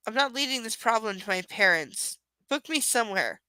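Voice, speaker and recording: A woman's voice: a little high, animated, normal speed, bright, forceful tone, dry recording, poor audio. A woman with a stuffy, nasal voice reading the lines of a cold, controlling rich young man in a curt, commanding way.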